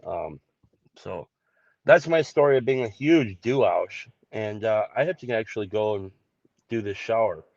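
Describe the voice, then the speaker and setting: A man's voice: lowish voice, measured pace, gravelly, darkish tone, dry recording. A man telling a confessional story on a group call, blunt and self-deprecating, with profanity. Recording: dull dry call audio.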